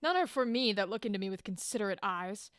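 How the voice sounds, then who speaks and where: A woman reading a scheming male king's lines aloud from a play, slow and deliberate. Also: medium pitch, animated, fairly bright tone, no echo, clean studio sound, natural voice. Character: scheming male king plotting murders.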